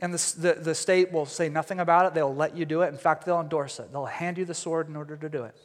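Male pastor, sermon, high voice, lively jokey storytelling, long hall reverb. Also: fast.

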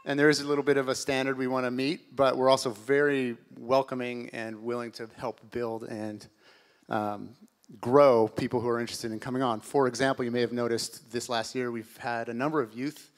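A man's voice: mid-range voice, flat delivery, a little fast. A man who is a church worship director, speaking with wry, self-deprecating humor at a service. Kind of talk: church announcement interview.

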